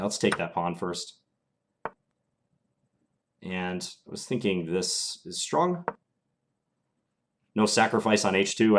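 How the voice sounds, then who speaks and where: A young man streaming chess live, calmly thinking aloud through his moves in a casual, analytical way. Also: lowish voice, a little hiss or hum.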